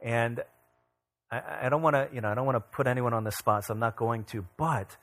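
A man in his thirties preaching a sermon as pastor, conversational and animated, with casual asides. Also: mid-range voice, brisk. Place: church.

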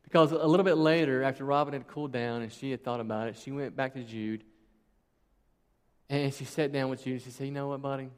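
A man's voice: mid-range voice, steady tone, brisk. Man preaching in a reverberant hall. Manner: conversational and emphatic, rhetorical questions. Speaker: pastor. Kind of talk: sermon. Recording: long reverb of a large hall.

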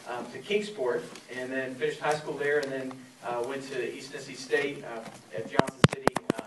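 A man's voice: medium pitch, distant mic, background noise. Man, 40s, pastor, sermon, conversational, filler words, echoey room, faint ambience. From Florida. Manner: conversational storytelling with frequent fillers.

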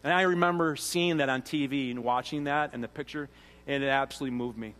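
A man's voice: mid-range voice, fast talker, fairly bright tone. A man giving a sermon as a pastor, earnest and conversational, often restarting phrases. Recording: long hall reverb.

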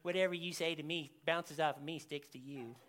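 A man's voice: on the high side, steady tone, fairly quick, voice pushed down, close to an everyday voice. A man acting out an angry crowd of men who hurl childish, sneering insults. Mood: childish taunting. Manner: shouting, sneering, mocking.

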